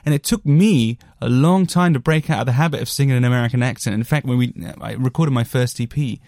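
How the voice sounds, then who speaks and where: A man's voice: mid-range voice, fast talker, a little mellow, dry recording, studio quality. A British man hosting a casual music monologue, rambling and self-deprecating with lots of fillers. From Britain. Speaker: podcast host reviewing albums.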